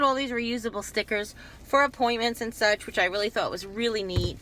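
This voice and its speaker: A woman's voice: on the high side, fairly even intonation, brisk, bright, forceful tone. A woman talking casually in a rambling, chatty haul video, often breaking off and restarting her sentences. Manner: chatty, digressive, self-interrupting. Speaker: YouTube haul vlogger.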